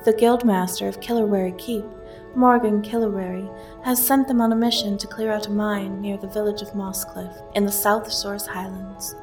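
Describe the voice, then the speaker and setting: A woman reading a scripted recap in a measured, announcer-like way. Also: mid-range voice, fairly even intonation. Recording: distant voice over music.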